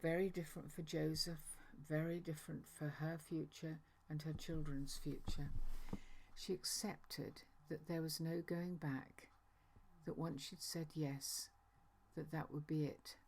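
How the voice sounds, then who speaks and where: Low-voiced, hesitant reflective woman. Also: little pitch movement, measured pace, vocal fry, a little mellow, a little hiss or hum. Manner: hesitant, thoughtful, with fillers and restarts. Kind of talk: reflective talk.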